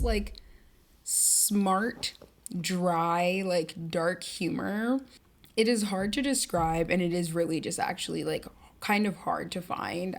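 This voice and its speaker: A young adult woman hosting a podcast, talking casually and animatedly about a book and its film, full of "like" fillers and loose swearing. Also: mid-range voice. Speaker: podcast host. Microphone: camera-recorded podcast.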